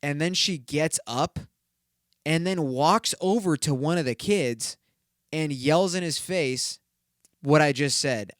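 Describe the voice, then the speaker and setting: Young male podcast host, casual and profane, slightly higher voice, smooth tone. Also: takes it slowly, no echo, studio quality. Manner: rambling, profane, filler-heavy retelling. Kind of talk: casual solo podcast storytelling.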